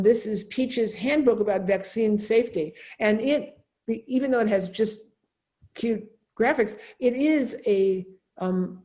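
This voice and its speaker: Woman professor, middle-aged, mellow tone, conversational seminar lecture, tags points with "right?". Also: medium pitch. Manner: conversational, often adds a questioning "right?". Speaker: professor of religion and ethics.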